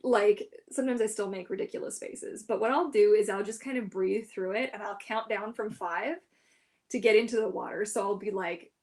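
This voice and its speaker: A woman's voice: mid-range voice, moderate pace, darkish tone. A woman hosting a casual live Q&A as a mermaid performer, chatty and giggly, with lots of "like" and "um". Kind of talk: casual livestream Q&A.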